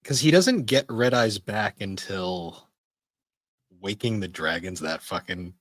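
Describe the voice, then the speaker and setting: Wry low-voiced man, dry sound. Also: slow pace, no room sound. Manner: wry and amused, swearing and chuckling through his stories. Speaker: podcast guest. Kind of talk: casual chat.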